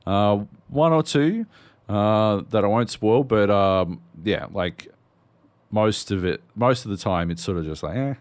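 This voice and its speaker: Deep-voiced sweary man. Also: measured pace, no room sound. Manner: loose, sweary, rambling. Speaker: podcast co-host. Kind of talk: casual chat.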